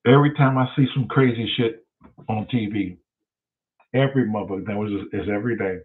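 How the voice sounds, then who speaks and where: A man hosting his own show, telling stories in a profane, animated way. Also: on the low side, brisk. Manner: profane, animated, loud storyteller. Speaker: show host. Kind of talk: casual livestream storytelling. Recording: tinny phone-like sound.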